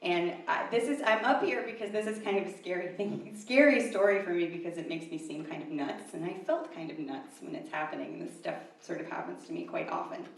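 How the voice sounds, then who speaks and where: A woman's voice: lowish voice, a little fast, gravelly, few pauses. A woman in her thirties telling a true story at a live event, chatty and self-deprecating with many fillers. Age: 30s. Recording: echoey room, mic far off, faint ambience.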